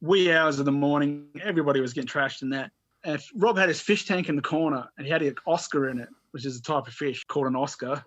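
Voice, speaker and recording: Man, podcast guest, slightly high pitch, rambling, swearing, dull lo-fi sound. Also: quick pace, a bit bright, no room sound. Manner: rambling, swearing, many restarts. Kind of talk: casual storytelling.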